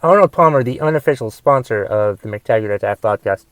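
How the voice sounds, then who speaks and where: A young man hosting a comedy podcast, delivering a profane solo rant that swings between shouting and mumbled asides. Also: mid-range voice, lively intonation, brisk, no room sound. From United States. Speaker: podcast host and stand-up comedian.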